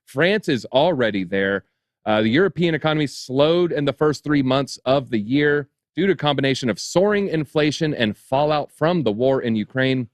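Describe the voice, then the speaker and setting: A man's voice: mid-range voice, animated, moderate pace, few pauses, no room sound. A man co-hosting an online show, reading news articles aloud and dropping wry, sarcastic comments between passages. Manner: reads headlines, then adds dry sarcastic asides. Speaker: crypto show co-host.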